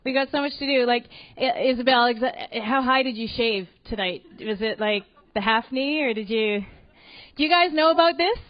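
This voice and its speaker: Brash crowd-teasing female comic from Alberta, high voice, dry lo-fi sound. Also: normal speed, no room sound. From Alberta, Canada. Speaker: stand-up comedian. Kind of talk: stand-up comedy set. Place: comedy club. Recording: dull lo-fi live recording.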